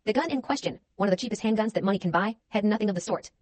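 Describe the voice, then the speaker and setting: A woman's voice: mid-range voice, racing, darkish tone, no echo. A woman narrating a true-crime video in a matter-of-fact, dryly pointed way.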